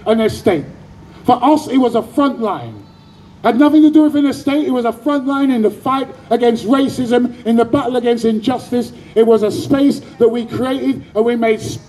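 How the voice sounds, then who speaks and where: An impassioned man, addressing a street protest. His raised voice rides very high yet sounds dark and mellow. He leads the crowd in call-and-response chants. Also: poor audio. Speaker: activist speaker. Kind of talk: protest rally speech.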